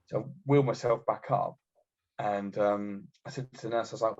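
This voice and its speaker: A man's voice: fairly low pitch, steady tone, fast talker, gravelly, darkish tone. A man telling blunt, sweary stories in casual chat as a podcast guest, with many fillers. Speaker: guest, army veteran. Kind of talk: casual storytelling. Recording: dull, muffled audio.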